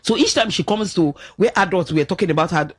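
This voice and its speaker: A middle-aged woman with a Nigerian accent, a radio guest on parenting, telling stories with lively shifts of voice in a studio talk show. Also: lowish voice, fast, slightly rough. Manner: animated storyteller, acts out quotes with shifts of voice.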